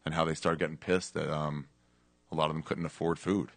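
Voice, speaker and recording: A man telling a story in casual podcast chat, low-key and trailing off, cursing casually. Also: flat delivery, brisk, vocal fry, dry recording.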